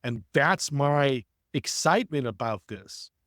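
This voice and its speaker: A man as a podcast guest and networking coach, telling stories in an energetic, preachy way and speaking straight to the audience. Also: mid-range voice, takes it slowly, dry recording, clean studio sound. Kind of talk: conversational storytelling.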